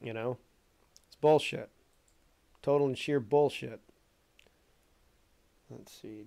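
A man talking casually and profanely on a stream, telling animated stories. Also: medium pitch, slow, creaky, pauses often. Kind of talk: casual rant.

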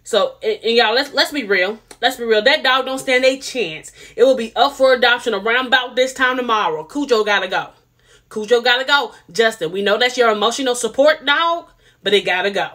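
A woman's voice: a little high, fairly quick, a bit bright. A woman, giving casual, sassy commentary on a reality TV episode and repeating herself for emphasis. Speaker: reality TV reviewer.

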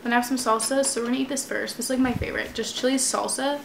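A woman's voice: a little high, steady tone, rapid-fire, vocal fry. A young woman vlogging while she eats at home, chatting casually and filling her talk with "like" and "literally". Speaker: mukbang vlogger. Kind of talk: casual eating chat to camera. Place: room at home. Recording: echoey room with background noise. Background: household noise.

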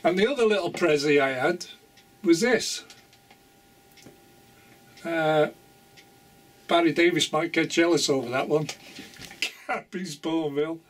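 A man's voice: fairly high pitch, measured pace, pauses often, distant mic, a little hiss or hum. An older man chatting casually to camera about his model railway, rambling and chuckling often.

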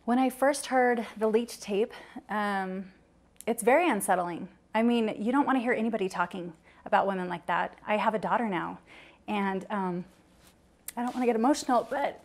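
A woman's voice: medium pitch, normal speed. A young woman answering interview questions, hesitant and full of restarts, at times close to tears. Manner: hesitant, many ums and restarts, gets teary.

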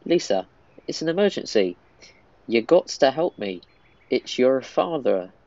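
A man reading the lines of a gruff old male cowboy cook from a mobile game, in his own plain voice without an accent. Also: medium pitch, animated, unhurried, darkish tone, no room sound, highs cut off. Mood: amused reading.

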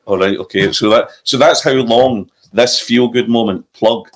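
A Scottish comedian telling an anecdote in casual chat, animated and slipping into impressions. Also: male voice, mid-range voice, moderate pace. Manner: animated, puts on voices and impressions. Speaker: comedian guest. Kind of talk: casual storytelling.

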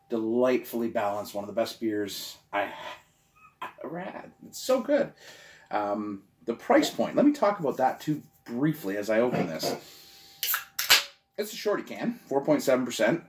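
A man reviewing beer in a casual vlog, enthusiastic, swinging from quiet murmurs to loud exclamations. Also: on the low side.

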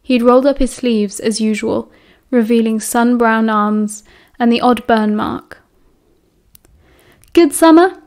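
A British woman narrates a novel audiobook in a steady, even reading. Her voice sits a little higher than most women's and keeps an unhurried pace.

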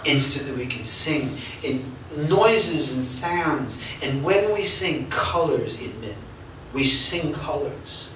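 A man's voice: medium pitch, animated, slow pace, bright, forceful tone, a little hiss or hum. A male pastor preaching and telling stories with animation, often laughing as he speaks. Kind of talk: sermon with personal storytelling. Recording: echoey church hall, mic at a distance.

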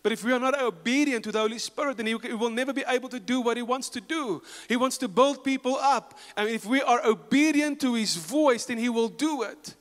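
South African male pastor, high voice, passionate sermon, long church-hall reverb. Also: brisk, hardly any pauses. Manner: passionate preaching, swinging between loud rises and quiet storytelling. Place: church sanctuary.

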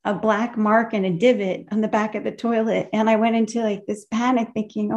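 At a memorial gathering heard through a video call, a woman with a mid-range voice recalls a heartfelt personal memory. Her tone is level and darkish, and she pauses often to find her words.

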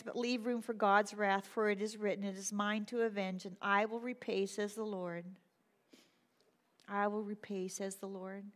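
Woman pastor, middle-aged, sermon, lively and self-deprecating, bright high voice, long church reverb. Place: church sanctuary.

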